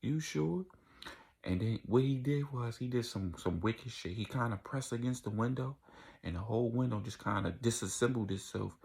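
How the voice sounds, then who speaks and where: A man's voice: medium pitch, fairly quick, gravelly, a little mellow, slightly rough. A young man telling a casual storytime vlog, acting out the voices of people in his story.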